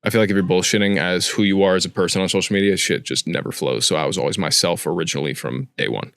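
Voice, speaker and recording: A man's voice: sits low, quick pace, vocal fry, fairly bright tone, dry recording. A man co-hosting a casual podcast, talking bluntly and cursing a lot. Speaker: podcast co-host, tattoo artist. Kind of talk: casual chat.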